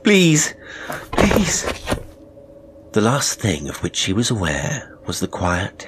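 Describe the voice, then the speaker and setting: A man narrating a classic horror short story in a measured, unhurried way. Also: sits low, a bit bright, a little hiss or hum. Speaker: narrator and producer.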